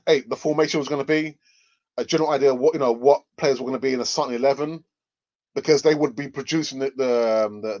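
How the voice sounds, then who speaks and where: A man hosts a live fan stream and reads viewer comments aloud. He talks at a mid pitch in a rambling, hesitant way, restarting phrases and chuckling often. The audio is dull and lo-fi. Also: darkish tone, dry recording. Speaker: fan channel host.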